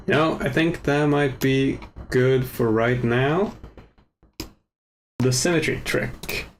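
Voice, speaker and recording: A man hosting a casual software tutorial, talking to himself as he works, joking at his own slips, on a desk microphone with the gain set too high. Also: a little hiss or hum. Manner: relaxed, self-mocking, mutters to himself while working. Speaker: tutorial host. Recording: overdriven mic with faint keyboard clicks.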